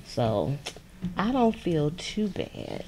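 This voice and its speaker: A woman's voice: fairly low pitch, big pitch swings, drawn-out words, a little mellow, slight background noise. A woman hosting a crafting livestream from her desk at home, chatting casually, laughing often and answering viewers' comments. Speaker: crafting channel host.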